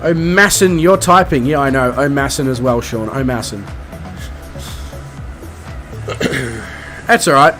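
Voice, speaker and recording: A man's voice: mid-range voice, takes it slowly, long pauses, a bit bright, faint music behind. A man with an Australian accent, streaming a flight game and chatting casually with his viewers in a rambling, self-mocking way. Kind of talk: casual chat with live viewers.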